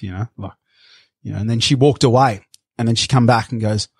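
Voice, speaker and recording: A man's voice: lowish voice, level tone, very fast, a little mellow, husky, no echo, studio quality. A man, a podcast guest telling rambling stories with laughs. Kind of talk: casual interview chat.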